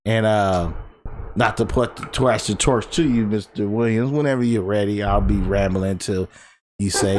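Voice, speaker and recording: A man in his thirties co-hosting a podcast, telling stories in a rambling, animated way and laughing often. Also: fairly low pitch, normal speed. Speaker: podcast co-host. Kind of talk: casual storytelling chat. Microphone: desk microphone.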